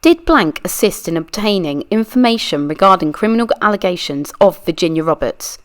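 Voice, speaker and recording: A woman's voice: fairly low pitch, lively intonation, brisk, lightly acted. A woman reading a deposition aloud, voicing a lawyer who asks methodical, pressing questions. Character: persistent adult lawyer questioning a witness. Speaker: true crime channel reader. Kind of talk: read-aloud deposition reenactment.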